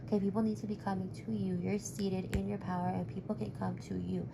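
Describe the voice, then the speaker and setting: Gravelly-voiced woman reading tarot live. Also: medium pitch, little pitch movement, quick pace, background noise. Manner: direct, reassuring, calls the viewer honey. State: losing her voice. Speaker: tarot reader.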